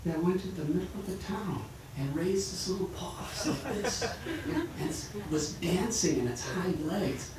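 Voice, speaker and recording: Animated storytelling monk in an echoey hall. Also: male voice, high-pitched, a little slow. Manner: animated storytelling, acting out voices. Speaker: monk lecturer. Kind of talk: storytelling sermon. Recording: echoey hall, far mic, noisy.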